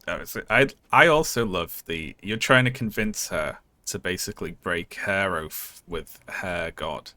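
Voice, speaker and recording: A man's voice: low voice, unhurried, hardly any pauses, pushed and bright, no echo. A man streaming a video game, giving casual commentary in a joking, sarcastic way and laughing often.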